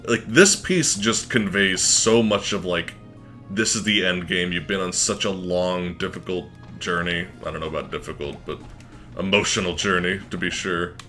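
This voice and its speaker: A man streaming a game live, chatting excitably and swearing when worked up. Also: low voice, normal speed. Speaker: let's play streamer. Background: faint game music.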